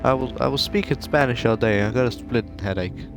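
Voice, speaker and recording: A man's voice: mid-range voice, fairly quick, gravelly, voice pushed up, natural voice. A man voicing a jovial, boastful American spy passenger who talks in a brash, jokey way. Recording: game music playing behind.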